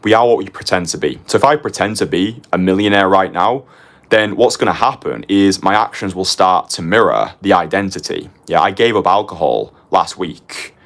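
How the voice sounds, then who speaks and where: A man's voice: deep voice, moderate pace, a bit bright. A young man teaching a motivational course as a dating coach, confessional and punchy, tagging his points with "right?" and casually swearing.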